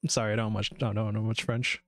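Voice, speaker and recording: A man's voice: fairly low pitch, flat delivery, a little fast, fairly bright tone, a little hiss or hum. A man chatting casually on a game-dev live stream, rambling from one aside to the next, swearing freely and laughing often. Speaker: VTuber game developer streamer.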